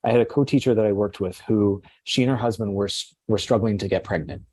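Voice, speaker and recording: A man who works as a teacher, telling a heartfelt story in a casual podcast talk, halting often and restarting his sentences. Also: lowish voice, darkish tone, slightly rough, no echo.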